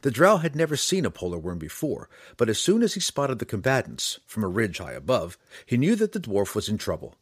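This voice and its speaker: A man narrating a fantasy adventure audiobook in an expressive, dramatic storytelling manner. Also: on the low side, fairly quick, few pauses, husky, no room sound, clean studio sound.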